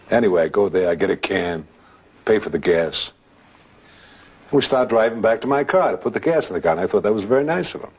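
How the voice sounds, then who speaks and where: A man telling a ghost anecdote in a relaxed, halting way, with restarts and filler sounds. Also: on the low side, breathy edge. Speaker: guest telling a story. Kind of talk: anecdotal storytelling.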